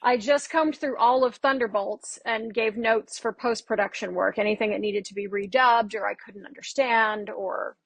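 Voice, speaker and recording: A woman who works as a dialect coach, speaking as a guest on a podcast. She tells lively stories and acts out the exchanges she quotes. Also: on the high side, normal speed, creaky, hardly any pauses, breathy edge, dry recording. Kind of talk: casual interview chat.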